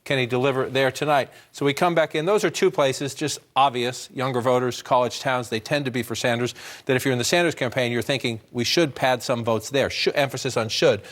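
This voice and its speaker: A man giving live election-night analysis at a map in a TV news studio, explaining briskly and thinking aloud with quick restarts. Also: mid-range voice, fairly bright tone.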